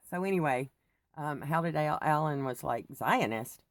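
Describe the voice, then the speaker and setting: Low-voiced middle-aged woman vlogging, wired on coffee, keeps going off on tangents. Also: a little slow, no echo. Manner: chatty, digressive, laughs often. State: wired on coffee after little sleep. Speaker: faith vlogger. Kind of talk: rambling personal talk.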